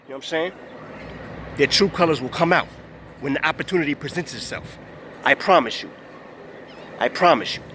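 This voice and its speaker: A man's voice: a little high, fairly quick, long pauses, sharp tone, a little hiss or hum. A man ranting casually to the camera, emphatic and repetitive, looping back to the same points. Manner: emphatic, repetitive, keeps saying "you know what I'm saying". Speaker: vlogger.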